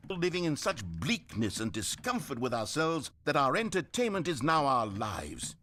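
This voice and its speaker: A brooding game narrator with a lively, rolling delivery. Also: male voice, medium pitch, slight background noise. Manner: measured, brooding, philosophical delivery. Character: solemn male game narrator, grave and wordy.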